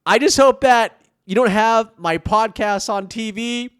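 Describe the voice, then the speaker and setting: A young adult man telling a story on his own casual solo podcast, animated, with many restarts. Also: sits high, a little slow, clean tone. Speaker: podcast host.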